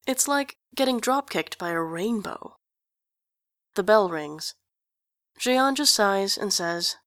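A woman's voice: medium pitch, animated, takes it slowly, pauses often, a bit bright, dry recording. Woman reading a story aloud, dry close sound. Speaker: narrator.

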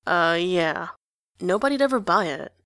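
A woman's voice: fairly low pitch, expressive, measured pace, fairly bright tone, dry recording, clean studio sound. A woman voicing a blunt, sarcastic teenage boy who swears casually. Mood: sardonic. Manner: sardonic, casual.

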